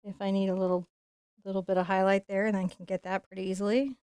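A woman teaching a live-streamed painting lesson, chatty and playful, going quiet while she concentrates. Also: mid-range voice, flat delivery, fast talker, clean tone, dry recording, clean studio sound. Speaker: painting instructor.

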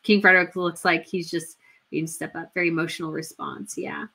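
A woman's voice: lowish voice, steady tone, a little fast, creaky, pushed and bright, husky. A woman hosting a casual livestream, gushing and chatty, with many fillers and restarts. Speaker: royal news livestream host.

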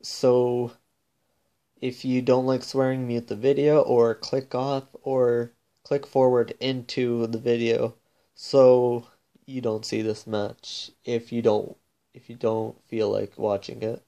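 A young man calmly addressing viewers with a warning before a gameplay clip. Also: medium pitch, takes it slowly, muffled recording. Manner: calm, even address to viewers. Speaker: gaming YouTuber.

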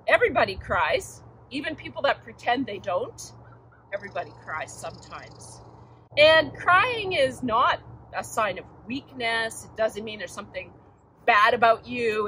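An older woman giving a children's message at church, chatting gently and asking the children questions. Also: on the high side, slight background noise, rough recording. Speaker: church children's time speaker.

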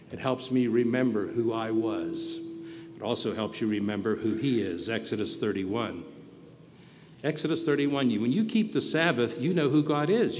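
A man giving a sermon as pastor, earnest, moving between quiet reflection and loud emphasis. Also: medium pitch, normal speed. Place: church hall. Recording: reverberant hall with faint background noise.

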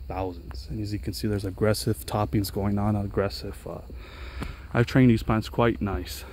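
A man's voice: on the low side, warm tone, slight background noise. A man giving an enthusiastic, chatty outdoor tour of his pepper garden for viewers. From Los Angeles area. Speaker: gardening vlogger. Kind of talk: casual garden walkthrough vlog. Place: outdoors on a mountain trail garden.

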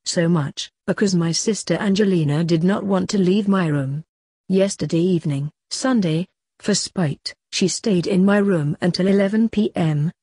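A woman narrates an audiobook diary in an earnest, measured way. Her voice sits low and mellow with a soft breathy edge, and the sound is close and dry. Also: no room sound.

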